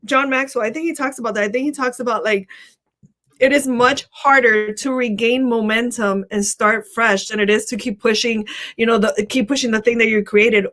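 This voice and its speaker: A woman co-hosts a motivational chat in a fairly high voice. She talks in an animated, chatty way and breaks into laughter often. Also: normal speed. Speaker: co-host.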